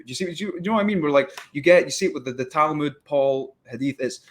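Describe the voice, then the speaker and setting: Male podcast host, mid pitch, rambling and fired-up, acts out quotes. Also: lively intonation, fairly quick, hardly any pauses. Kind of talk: casual interview chat.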